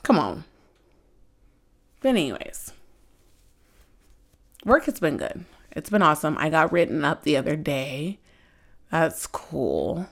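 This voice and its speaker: A young woman hosts her own podcast in a loose, chatty way. She tells candid stories and fills her talk with "like". Her voice sits a little low for a woman. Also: sing-song, takes it slowly, long pauses. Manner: chatty, candid storytelling with lots of "like". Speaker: podcast host. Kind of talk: casual chat.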